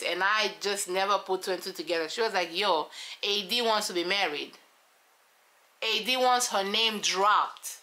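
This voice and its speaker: Woman host, reality-show reviewer; bright, higher voice, sassy and animated. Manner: animated, sassy, talks straight to viewers. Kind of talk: casual reality-show commentary.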